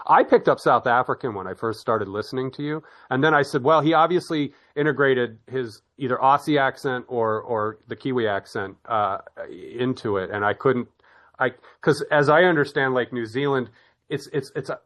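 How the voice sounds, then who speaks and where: A man's voice: mid-range voice, a bit bright. A man from the United States hosting an interview, chatting loosely with many restarts and frequent laughter. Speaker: podcast host. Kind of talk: casual interview chat.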